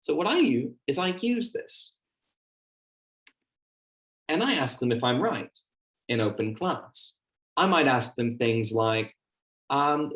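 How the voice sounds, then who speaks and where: A man's voice: mid-range voice, expressive, takes it slowly, pauses often, a bit bright. A man giving a teacher training workshop, speaking conversationally and acting out the questions he asks his class. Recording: echoey room.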